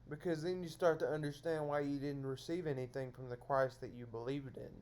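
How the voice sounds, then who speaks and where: Man on a solo stream, scolding and repetitive, voice a bit high. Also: darkish tone. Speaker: streamer addressing viewers. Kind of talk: solo monologue to camera.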